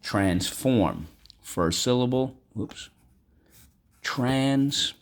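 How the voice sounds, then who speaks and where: Slow, deep-voiced male teacher. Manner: slow, deliberate, repeats words for students to echo. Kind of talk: vocabulary lesson. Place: home room.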